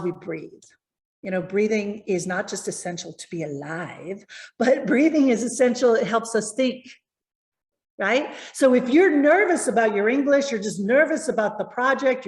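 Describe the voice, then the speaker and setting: In a mid-range voice, a woman communication coach teaches a lesson on presentation tips, speaking expressively and slowing down to stress key words. The room sounds echoey.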